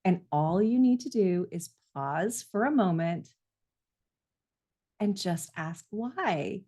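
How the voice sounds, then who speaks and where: Middle-aged woman as parenting coach, earnest and reassuring, mid-pitched, chatty advice to camera. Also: lively intonation, takes it slowly, warm tone.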